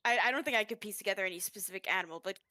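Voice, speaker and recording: A woman playing a tabletop game, chatty and excitable. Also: mid-range voice, very fast. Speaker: player.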